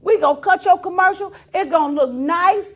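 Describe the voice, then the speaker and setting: A woman's voice: very high-pitched, moderate pace, slight background noise. A woman talk show host, ranting to her viewers in a teasing, laughing way. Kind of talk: casual on-air rant to viewers.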